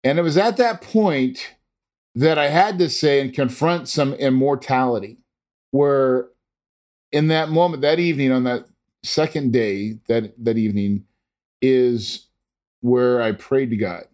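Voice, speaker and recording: A man's voice: medium pitch, a little slow, darkish tone. A man earnestly telling a personal story in a casual, rambling way, with frequent restarts and fillers. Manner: imitates monitor beeps.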